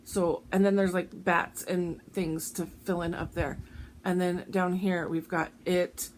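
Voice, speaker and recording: A woman chatting casually about her stitching projects, rambling with lots of ums, her voice going a bit hoarse. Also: fairly low pitch, level tone, measured pace, slight background noise. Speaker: cross-stitch vlogger. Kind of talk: casual show-and-tell chat.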